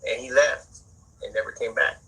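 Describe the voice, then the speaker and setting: A man with a husky, raspy voice that still cuts through bright and sharp. He talks loosely and profanely in a casual interview, circling back and repeating words as he goes. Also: medium pitch, fairly even intonation, moderate pace, poor audio. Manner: profane, rambling, repeats words while searching. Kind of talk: casual spoken storytelling.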